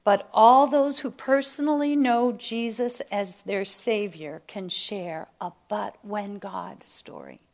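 A woman's voice: medium pitch, darkish tone. A woman teaching a Bible study to women, emphatic and sometimes dropping to a near whisper. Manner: slow, emphatic, drops to near whisper at key lines.

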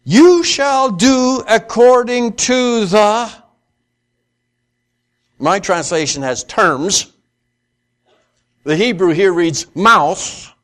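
A Bible lecturer teaches a class on scripture in a fairly high, somewhat bright voice, unhurried and deliberate. He stumbles over fillers and restarts, then reads each quoted verse slowly with heavy emphasis.

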